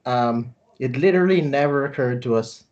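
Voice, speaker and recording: A man's voice: mid-range voice, normal speed, a little mellow, lo-fi sound, a little hiss or hum. A man with an Irish accent, a tabletop game player, recapping in dry, rambling jokes. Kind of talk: casual chat recapping a game.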